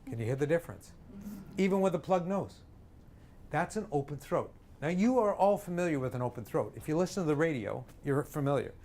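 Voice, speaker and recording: A man teaching a singing lesson in front of an audience, coaching with lively talk and breaking into sung examples. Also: on the high side, a little fast.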